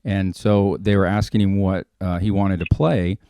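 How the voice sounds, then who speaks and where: A man's voice: sits low, flat delivery, normal speed, mellow, clean tone. A man hosting a podcast, chatting casually and rambling a bit. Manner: rambling, restarts often. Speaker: podcast host. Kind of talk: casual chat.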